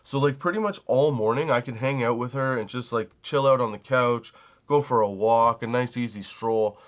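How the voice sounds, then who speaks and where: A man's voice: mid-range voice, moderate pace. Brief: young male comic host, loose and rambling, profane, storytelling mode. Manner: rambling, animated, swears casually. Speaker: comedy podcast host. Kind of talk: casual storytelling monologue.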